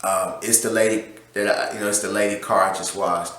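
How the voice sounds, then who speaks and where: A man's voice: on the low side, little pitch movement, a little fast, fairly bright tone. A man, owner of a small car wash business, casually telling a story about a customer, rambling with many fillers and restarts. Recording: very echoey room.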